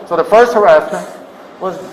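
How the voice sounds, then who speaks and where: A man in his fifties arguing insistently with police, repeating himself and rising to shouts, caught on a body camera. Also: sits high, normal speed, a crowd in the background. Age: 50s. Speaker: complaining building occupant. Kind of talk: heated argument with police. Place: indoor building office. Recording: echoey body camera audio from a distance.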